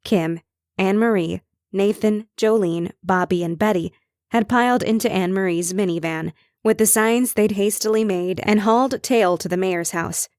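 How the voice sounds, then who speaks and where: A woman reading an audiobook in measured, even scripted narration. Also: mid-range voice, dry recording, clean studio sound.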